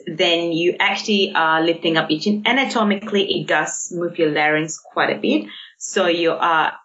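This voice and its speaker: A woman's voice: mid-range voice, fairly bright tone. An Australian woman who works as a speech therapist, talking chattily in a podcast interview and laughing often. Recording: dull lo-fi podcast audio.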